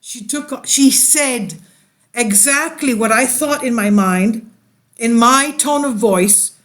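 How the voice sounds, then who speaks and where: A woman with an alto voice, a church leader telling a personal testimony and reading an article aloud, unhurried and rambling. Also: on the high side, a bit bright.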